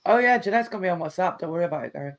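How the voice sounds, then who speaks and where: A woman's voice: on the low side, expressive, racing. A woman co-hosting a live stream, chatting casually, teasing, laughing often and swearing.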